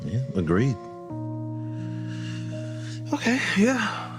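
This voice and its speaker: An actor playing a weary, hesitant middle-aged husband in a soap opera clip. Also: male voice, medium pitch, wildly swooping pitch, drawn-out words, exaggerated voice. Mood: subdued. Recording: clip with music underneath.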